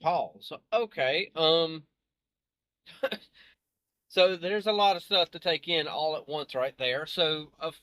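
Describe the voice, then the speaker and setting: A man's voice: a little high, takes it slowly, long pauses, fairly bright tone, dry recording. A man hosting a reaction video, talking casually to viewers in a rambling, self-correcting way with chuckles. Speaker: reaction channel host.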